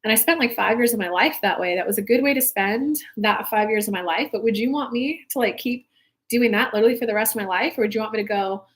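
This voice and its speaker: Young female spiritual coach, live-stream host, fairly high voice, loose and heartfelt, rambly. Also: fast. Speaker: spiritual coach hosting a live reading show. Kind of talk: casual talk to live viewers.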